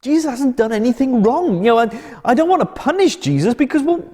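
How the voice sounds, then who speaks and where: A man's voice: extremely high pitch, big pitch swings, a little fast, warm tone, in a large hall, pitched above the performer's own voice, full character voice. A man voicing an uneasy male Roman judge who reasons aloud hesitantly.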